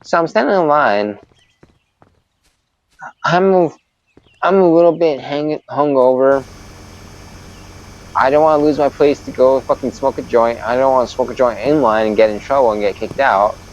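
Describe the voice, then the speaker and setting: A man's voice: medium pitch, normal speed, long pauses, dull audio, slight background noise. A male streamer telling a story in a casual, profane, exasperated rant. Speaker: live streamer. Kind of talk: casual storytelling while gaming.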